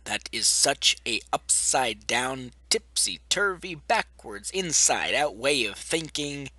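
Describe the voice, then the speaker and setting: Sarcastic young man ranting, slow and bright. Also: mid-range voice, lively intonation, dry recording. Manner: sarcastic, blunt and profane, with mocking mimicry. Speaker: vlogger. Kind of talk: ranting commentary to camera.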